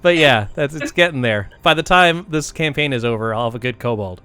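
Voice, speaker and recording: A game master running a tabletop game, chatty and quick to laugh. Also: mid-range voice, music in the background.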